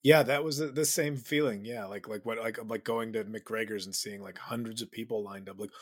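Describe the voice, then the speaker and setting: Man, low voice, husky, rambling comic storyteller, self-deprecating, dry studio sound. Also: brisk, few pauses, a bit bright, dry recording. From Chicago suburbs, USA. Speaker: comedian guest. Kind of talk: casual storytelling chat.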